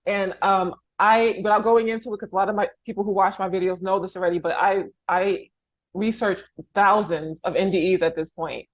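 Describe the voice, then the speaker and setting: A woman's voice: mid-range voice, fairly even intonation, moderate pace. Woman from the Bronx, podcast host, effusive, laughing through tears, rambling restarts, video call, slightly muffled audio. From New York, the Bronx. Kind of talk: emotional interview conversation.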